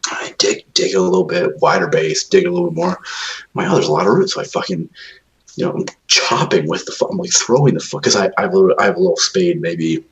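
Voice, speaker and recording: A man's voice: low voice, expressive, fast talker, gravelly, highs cut off. A man co-hosting a podcast, telling rambling, profanity-laced stories in casual chat. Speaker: podcast co-host.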